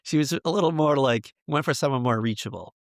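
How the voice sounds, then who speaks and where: A man's voice: medium pitch, brisk, no room sound, studio quality. A man co-hosting a podcast, telling rambling school stories in casual chat with lots of fillers. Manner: rambling, many fillers and laughs. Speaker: podcast co-host.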